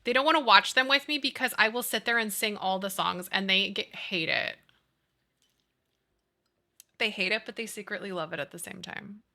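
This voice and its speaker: A woman's voice: mid-range voice, normal speed, long pauses, sharp tone. A woman in her thirties chatting casually on a game stream, gushing and giggly as she talks to her chat. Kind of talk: casual chat with chat while gaming.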